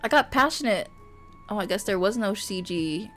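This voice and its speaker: A woman streamer reading a romance game aloud, animated and playful, often breaking off to joke with her viewers. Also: mid-range voice, normal speed, faint music behind. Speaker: VTuber streamer.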